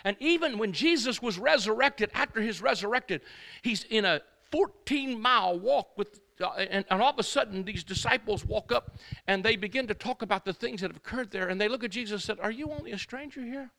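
A male preacher delivers a sermon in a church service with a high, swooping voice. A gravelly fry roughens his bright, sharp tone. He rouses the congregation with call-and-response, then drops into quieter storytelling and rambling asides. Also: a little fast. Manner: rambling asides, acts out quoted speakers.

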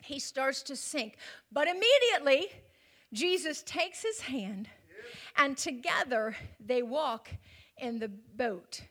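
A woman preaching a sermon, swinging from loud, rising passages to hushed near-whispers. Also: high voice, animated, takes it slowly.

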